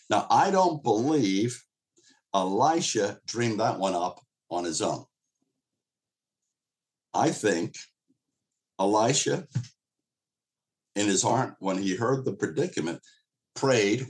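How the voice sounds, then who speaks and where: A pastor teaching a Bible passage to an online group in a casual, conversational way, often repeating words and restarting phrases. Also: male voice, lowish voice. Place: streamed church teaching session.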